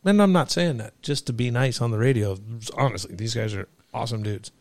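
A man's voice: medium pitch, animated, brisk, a little mellow, no echo. A man hosting a podcast, talking in loose, profane, joking banter with his friends. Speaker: podcast host. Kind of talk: casual crude banter.

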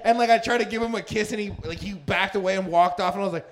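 A man's voice: high voice, fast talker, slight background noise. A young man chatting casually with friends, laughing and acting out quoted lines as he tells stories. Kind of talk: casual chat among friends.

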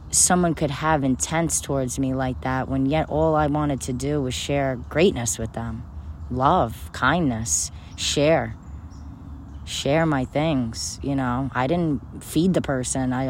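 A woman's voice: extremely low pitch, slight background noise. A woman speaking about faith and forgiveness in an emphatic, personal, preaching manner. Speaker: spiritual speaker. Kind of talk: spiritual talk to camera.

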